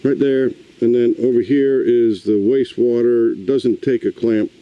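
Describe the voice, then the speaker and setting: A man's voice: medium pitch, steady tone, measured pace, lo-fi sound. An older man narrating a casual do-it-yourself pool repair outdoors, grumbling and talking to himself as he works. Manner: folksy, grumbling, talks to himself while working. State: out of breath at times. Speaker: DIY video host. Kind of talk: casual how-to vlog narration.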